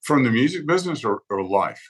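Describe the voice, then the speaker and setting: A man's voice: mid-range voice, a little fast, husky, rough recording. A man, a guest on a podcast, chatting casually and acting out other people's reactions as he tells stories. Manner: animated storyteller who acts out quoted reactions. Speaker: podcast guest, songwriter advocate. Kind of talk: casual interview conversation.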